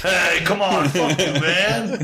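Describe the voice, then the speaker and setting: A man voicing a rowdy male orc at a tavern party, loud and pushy, his voice pitched well above his own. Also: slow, echoey room, noisy background. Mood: indignant.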